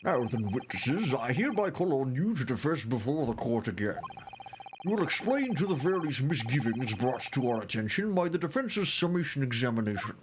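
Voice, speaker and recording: A man voicing a stern judge, making formal, measured pronouncements in a courtroom game. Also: mid-range voice, sing-song, noisy background, close to an everyday voice.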